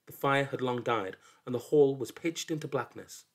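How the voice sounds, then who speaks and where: Husky guy reading a folk tale out loud, super expressive, voice dips low and hushed then rises. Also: moderate pace. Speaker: storyteller. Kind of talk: dramatic storybook narration.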